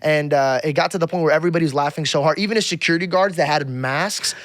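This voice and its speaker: A man's voice: on the high side, fast talker, fairly bright tone, dry recording. A man on a podcast, telling a story casually and acting out other people's lines. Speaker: podcast guest.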